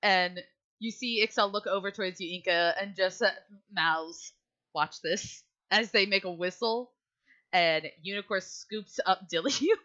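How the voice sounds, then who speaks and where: A woman's voice: medium pitch, unhurried, sharp tone, dull audio. A woman running a tabletop game as game master, narrating casually with sighs and fillers.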